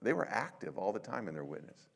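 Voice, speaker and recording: A man's voice: on the low side, big pitch swings, fast, vocal fry, fairly bright tone. An older man, a pastor of many years, giving a conversational sermon, telling stories with self-deprecating humor and acting out quotes.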